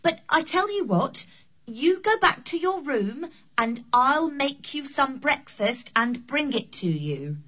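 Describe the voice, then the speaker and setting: An actress playing a flustered female hotel receptionist who speaks slowly and clearly so she is understood, in a scripted learning drama. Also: high voice, big pitch swings, a bit bright, exaggerated voice.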